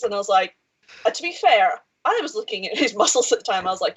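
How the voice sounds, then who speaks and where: A woman's voice: mid-range voice, fast, slightly rough, muffled recording. A woman co-hosting a podcast in casual chat, telling stories with lots of swearing. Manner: swears freely, animated storyteller. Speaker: podcast co-host.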